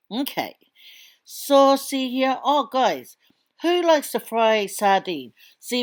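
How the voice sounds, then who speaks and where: A middle-aged woman, a mother, doing a casual, playful voiceover for her shopping vlog with teasing asides. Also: mid-range voice. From Samoan community in Australia. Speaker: vlogger, mother. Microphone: voiceover mic.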